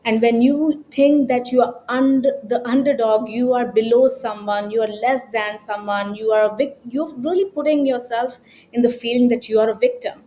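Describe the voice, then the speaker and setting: A woman's voice: a little high, fairly even intonation, normal speed, dark tone, a little hiss or hum. A woman self-help coach giving an emphatic, scolding motivational talk, repeating her points. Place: New York.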